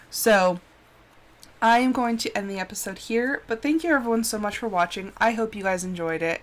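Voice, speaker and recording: A woman's voice: medium pitch, a bit bright. A woman game streamer chatting casually and openly with her viewers, heartfelt and reassuring as she talks to them. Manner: reassuring, speaks directly to viewers. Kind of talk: casual live-stream chat.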